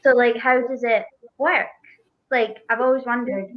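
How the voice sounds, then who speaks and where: A woman's voice: on the high side, fairly even intonation, unhurried. Chatty woman on dull lo-fi audio. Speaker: co-host. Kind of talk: casual chat on a livestream.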